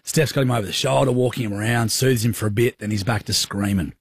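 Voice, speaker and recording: A young Australian man co-hosting radio, telling a rambling, self-mocking story in a husky voice. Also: medium pitch, fast talker, no echo, studio quality. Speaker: radio co-host. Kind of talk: casual storytelling chat. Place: radio studio.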